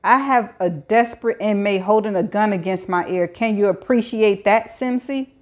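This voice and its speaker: A woman's voice: mid-range voice, normal speed, darkish tone, lightly acted. Woman doing a harsh, barking prison warden. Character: gruff tough male prison warden.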